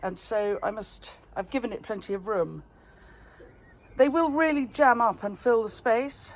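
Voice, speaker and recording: An English woman with a slightly gravelly, fry-tinged voice chats her way round her garden outdoors by the back door. She talks in a loose, rambling way, amused at her own asides, as a flower farmer showing off her pots. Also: fairly high pitch, measured pace. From England. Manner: chatty, rambling, self-amused. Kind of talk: casual garden tour vlog.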